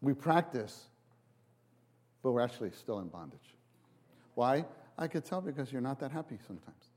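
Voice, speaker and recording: A man preaching a sermon, halting and repeating himself, then acting out quotes with sudden big jumps in voice. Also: medium pitch, big pitch swings, darkish tone. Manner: halting restarts, repeats words.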